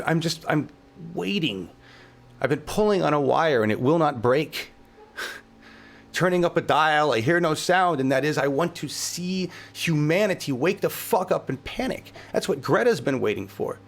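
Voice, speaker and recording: A man's voice: on the high side, gravelly. A male show host delivering a heated political podcast rant, swearing heavily, fervent and exasperated.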